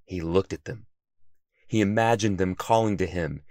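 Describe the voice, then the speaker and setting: A man narrating a children's story in an expressive, animated reading voice. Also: deep voice, normal speed, no echo, clean studio sound.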